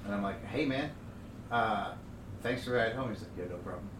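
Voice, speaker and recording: A man's voice: lowish voice, moderate pace. Man telling a profane story, echoey room. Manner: profane, animated storyteller who acts out quotes. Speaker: podcast co-host. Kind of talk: casual storytelling chat. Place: room with an overhead TV. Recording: echoey room, distant mic, faint hiss.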